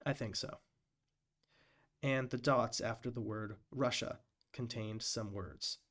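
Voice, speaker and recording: A man live-streaming as he reads a hearing transcript aloud, deliberately voicing every quote and end quote marker. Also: medium pitch, steady tone, fairly bright tone. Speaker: live-stream reader and commentator.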